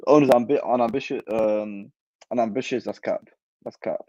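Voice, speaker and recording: A young man riffs on football and answers live chat, animated and full of slang. His voice is dark and mellow, recorded close and dry through a somewhat dull mic. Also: medium pitch, normal speed, no room sound. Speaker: football channel host. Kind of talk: casual livestream chat.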